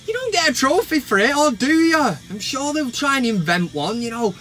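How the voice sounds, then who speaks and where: A man's voice: very high voice, sing-song, normal speed, fairly bright tone. A man hosting his own football vlog, ranting casually to camera in a blunt, sarcastic and sweary way.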